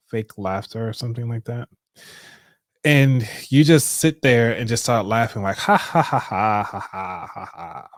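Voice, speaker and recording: A man's voice: mid-range voice, a little mellow, no echo, clean studio sound. A man hosting a live show, talking casually and upbeat, breaking into laughter often. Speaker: show host. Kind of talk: casual live-stream talk.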